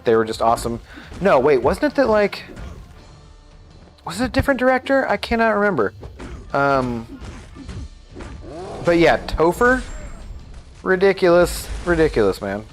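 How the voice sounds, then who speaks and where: A man streaming a game live, chatting casually and thinking aloud with lots of fillers. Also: on the high side.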